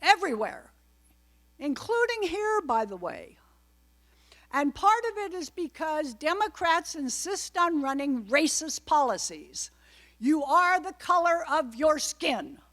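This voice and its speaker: A woman's voice: sits high, sing-song, takes it slowly, a bit bright. A woman giving an informal political talk to a live audience, chatty and wry, full of asides. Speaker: guest speaker at a political club.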